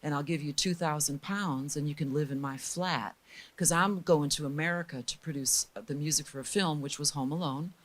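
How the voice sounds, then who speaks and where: A middle-aged woman being interviewed as a guest, telling lively, candid stories and acting out the people she quotes. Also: deep voice, brisk. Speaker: guest recording engineer. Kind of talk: storytelling in a casual interview.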